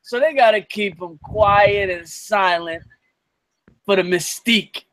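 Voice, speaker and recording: A man's voice: high-pitched, slow pace, fairly bright tone, no echo. A man co-hosting a casual live podcast chat, blunt and profane, with comic asides.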